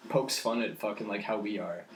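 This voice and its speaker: A man's voice: fairly low pitch, brisk, a crowd in the background. A young man co-hosting a podcast, chatting casually and explaining his points thoughtfully. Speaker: podcast co-host. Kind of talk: casual chat. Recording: echoey noisy room.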